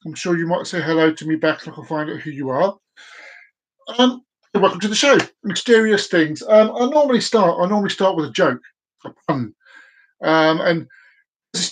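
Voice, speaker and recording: A man hosts a casual live stream with a high voice. He rambles, tumbles over repeated words and keeps losing his place. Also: fairly bright tone.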